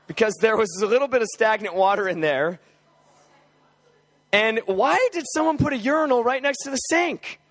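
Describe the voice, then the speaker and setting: A young man with a high, lifted voice preaching and leading prayer. He talks casually, with fillers and restarts, then pushes into fervent, shouted exclamations. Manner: casual, conversational with filler words. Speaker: guest preacher. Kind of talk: sermon leading group prayer.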